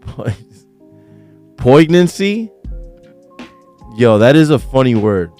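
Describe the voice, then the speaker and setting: A man hosting a casual news commentary livestream, talking in profane, slangy rants that get animated when he is worked up. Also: mid-range voice, slow pace, soft background music. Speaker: host.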